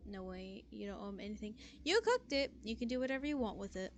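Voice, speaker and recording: A woman streamer giving casual, crude, excitable commentary over a game. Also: mid-range voice, very fast, soft background music.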